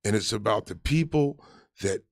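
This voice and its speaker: A man in casual conversation, an army veteran telling his stories in an animated way and acting out the shouted lines of the people in them. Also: lowish voice, normal speed, dry recording, clean studio sound. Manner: animated storyteller, acts out quoted shouts. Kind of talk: casual storytelling chat.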